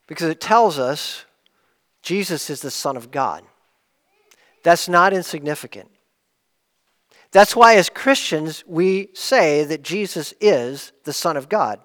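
A man with a high voice preaches a sermon, explaining each point in earnest, pushing up for emphasis and sinking low as he closes it. His voice rings with a long reverb, as in a large hall. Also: fairly bright tone.

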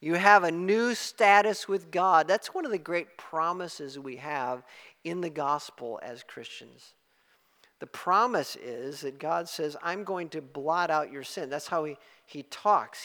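A man preaching a sermon, emphatic and rising to loud exclamations. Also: on the high side. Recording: long hall reverb.

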